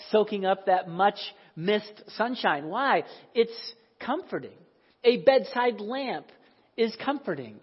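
A man's voice: high voice, slightly rough. A man preaching a sermon as pastor, talking conversationally and asking the congregation questions. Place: church sanctuary. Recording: echoey hall, dull sound.

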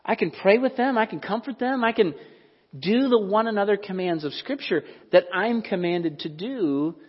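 Pastor, male, high-pitched and a little husky, conversational sermon with questions to the room, dull lo-fi hall recording. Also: normal speed. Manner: conversational, animated, asks the audience questions. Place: church hall.

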